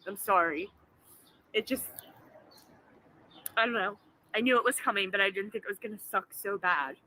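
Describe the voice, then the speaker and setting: Upset crying woman in her 40s venting into her phone, swears a lot, bright edgy voice, bit of noise behind. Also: medium pitch, moderate pace, poor audio. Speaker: vlogger. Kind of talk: emotional vlog monologue.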